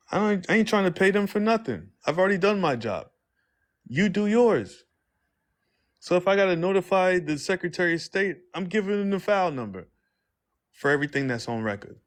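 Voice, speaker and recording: A man hosting a casual livestream, rambling in slangy speech and acting out quoted exchanges. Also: sits high. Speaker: livestream host.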